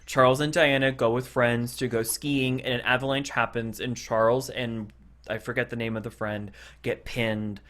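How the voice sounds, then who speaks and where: At a moderate pace and in a mid-range voice, a man co-hosting a podcast walks through a TV episode casually. His retelling is lively, with scenes and quotes acted out.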